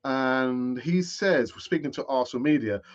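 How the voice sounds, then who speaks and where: A man's voice: mid-range voice, unhurried, dull audio. A tired man hosting a football fan channel, rambling through transfer news in a casual, self-mocking way.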